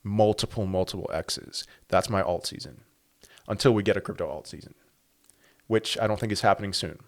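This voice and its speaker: A man hosting a crypto channel, giving animated, conversational market commentary full of rhetorical questions. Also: on the low side, a little fast.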